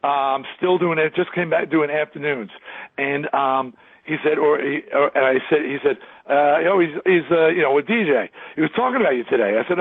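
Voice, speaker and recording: Gravelly, husky man in his 60s on a phone line. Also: a little high, a little fast, no echo. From Long Island, New York. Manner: animated storyteller who acts out other people's lines and laughs often. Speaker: guest, rock musician. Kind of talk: storytelling interview. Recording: dry, tinny phone line.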